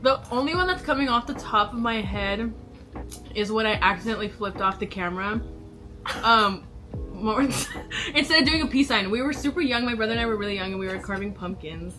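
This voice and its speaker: Giggly young woman, fairly high voice. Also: lively intonation, a little fast, music in the background. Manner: giggly, laughs often while talking. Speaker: co-host reading prompts. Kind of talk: casual chat. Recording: clear background noise.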